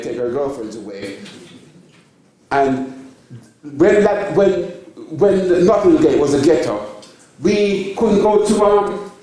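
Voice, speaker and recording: A high-pitched man with a dark tone, a photographer in his seventies, jokes and chats with an audience, frequently asking "yeah?". He's in a large theatre space, captured from a distant mic in an echoey hall.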